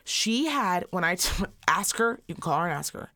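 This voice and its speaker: A woman in her thirties co-hosting a podcast, telling a story in a profane, animated way and acting out the quotes. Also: lowish voice, normal speed. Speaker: podcast co-host. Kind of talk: casual storytelling chat.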